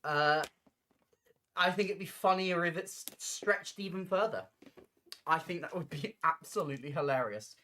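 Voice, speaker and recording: Loud, giggly woman livestreaming. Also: on the low side, normal speed, slight background noise. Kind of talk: casual livestream chat. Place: home, building on the floor.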